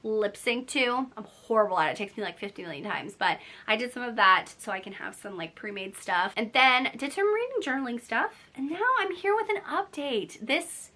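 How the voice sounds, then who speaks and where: A woman's voice: on the high side, big pitch swings, a little fast, few pauses, bright, forceful tone. A young woman chatting casually to her camera at home at night, gushing about books with lots of "like" fillers. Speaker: book vlogger.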